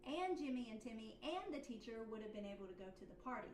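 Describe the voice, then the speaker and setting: A woman's voice: fairly high pitch, animated, fast talker. Woman teaching a Bible lesson. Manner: gentle leading questions. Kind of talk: teaching children. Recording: echoey room with background hiss.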